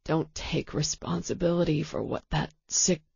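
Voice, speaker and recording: A woman reading an audiobook voices a badly wounded man struggling to stay conscious, speaking in weak, breathless, halting words. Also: low-pitched, fairly even intonation, darkish tone, no echo, muffled recording, heavily acted. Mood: weak, strained. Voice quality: husky and gravelly.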